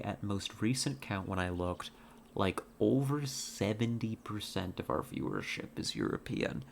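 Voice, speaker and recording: A woman's voice: extremely low pitch, creaky, a little hiss or hum. A woman streamer chatting casually with her chat while playing a hunting game, rambling with many fillers and restarts.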